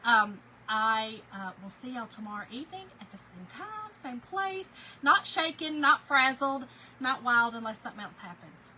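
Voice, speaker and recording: A woman's voice: fairly high pitch, sing-song, normal speed, sharp tone, slight background noise, low-quality recording. Shaken woman confiding to viewers. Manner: emotional, confiding, says "y'all" often. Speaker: livestream host. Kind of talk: casual livestream chat.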